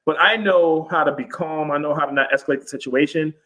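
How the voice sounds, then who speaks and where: Animated man telling stories, fairly high voice. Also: fast talker, low-quality recording. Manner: animated storyteller, acts out quotes in raised voices, swears freely. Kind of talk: casual chat.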